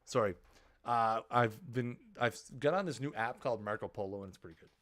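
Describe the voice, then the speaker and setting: A man's voice: mid-range voice, a little fast, a bit bright. A man streaming a video game, chatting casually and explaining his choices, often restarting and repeating phrases. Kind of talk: casual live-stream commentary.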